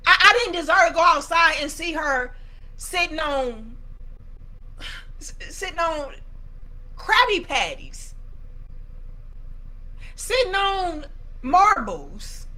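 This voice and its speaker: Young woman, high voice, bright edgy tone, profane, dramatic storytelling. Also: very animated, slow pace, pauses often, poor audio. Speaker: commentary channel host. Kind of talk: casual commentary on viewer comments.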